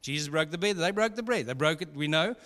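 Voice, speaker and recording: A pastor preaches in a high, light voice, mixing scripture with funny family stories. His delivery is casual and conversational. The sound carries a long reverb from a large hall. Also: expressive, fast talker, a bit bright. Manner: conversational, humorous storytelling with laughs. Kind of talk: sermon.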